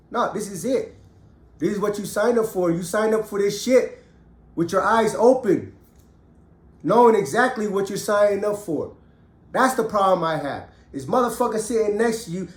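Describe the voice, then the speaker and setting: Here a middle-aged former inmate shares his own history in a blunt, heated, emphatic manner full of swearing. His high voice moves a little slowly, with long pauses, and echoes with reverb.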